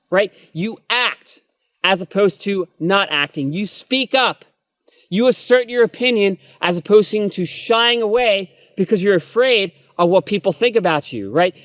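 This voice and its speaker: Male self-help coach, high voice, earnest and repetitive, dry close recording. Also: fairly bright tone, no room sound. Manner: earnest, repetitive, addresses viewers as folks, frequent "okay?" and "right?". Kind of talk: spoken personal-development lesson.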